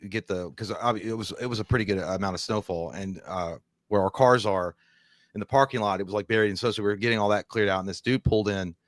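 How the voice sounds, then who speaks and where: A man co-hosts a casual live stream and talks quickly. He rambles through his stories and acts out the people in them. His voice sounds close and dry, with no room echo. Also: low-pitched. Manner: rambling, lots of restarts and quoted asides. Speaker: podcast co-host.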